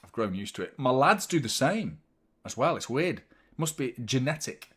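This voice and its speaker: A man hosting a live football watchalong, chatting casually with animated, sweary banter. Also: mid-range voice, moderate pace, slightly rough. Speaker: host of a football fan watchalong.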